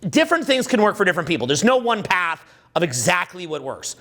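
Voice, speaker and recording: High-voiced, crude joking seminar man. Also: very animated, quick pace, fairly bright tone. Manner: crude, joking, quizzes the audience. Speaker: dating coach. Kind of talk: live seminar talk.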